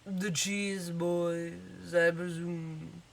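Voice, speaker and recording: A woman's voice: lowish voice, level tone, very slow. A woman doing a prim, formal gnome butler. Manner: formal, dry, composed. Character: short, stately male gnome butler.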